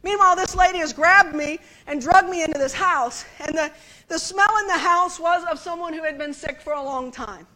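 A woman from the United States preaches to her congregation with a high, bright voice. She tells her story in a chatty, animated way and laughs along with the room. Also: moderate pace. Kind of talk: sermon storytelling.

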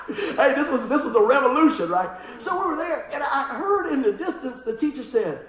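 A middle-aged man, a pastor, preaching a sermon full of funny personal stories. He tells them in an animated way, laughing often, and drops to quiet asides in between. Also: very high-pitched, brisk, roomy sound. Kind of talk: sermon with humorous storytelling.

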